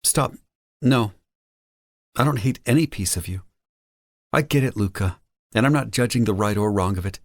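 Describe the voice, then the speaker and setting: A male audiobook narrator voicing a thoughtful, candid young woman speaking softly and earnestly. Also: on the low side, normal speed, long pauses, no echo, studio quality, pitched above the performer's own voice. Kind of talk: audiobook character voice.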